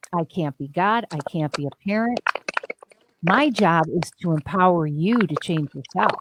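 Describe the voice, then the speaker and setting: A woman's voice: lowish voice, very noisy. Blunt, emphatic woman therapist. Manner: blunt, emphatic storytelling with swearing. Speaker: therapist and podcast host. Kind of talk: candid podcast discussion.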